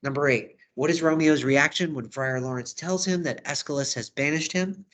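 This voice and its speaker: A man's voice: on the high side, normal speed, fairly bright tone. A man teaching drama, walking through a study guide in a casual, conversational way. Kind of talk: lesson recap video.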